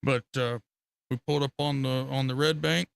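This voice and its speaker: A man's voice: mid-range voice, normal speed, vocal fry, smooth. A man telling rambling, profane fishing stories on a casual live stream. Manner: rambling, profane, animated storytelling with laughter.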